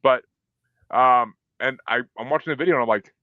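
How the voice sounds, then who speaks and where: A man hosting a podcast in casual chat, telling stories in a profane, animated way and acting out his own reactions. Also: mid-range voice, a little fast, no echo. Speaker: podcast host. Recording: dull, dry lo-fi sound.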